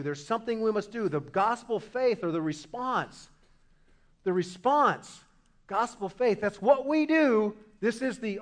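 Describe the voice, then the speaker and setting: A man with a high voice delivers a sermon as pastor. His preaching is impassioned, rising to loud emphasis and falling to near-quiet lows.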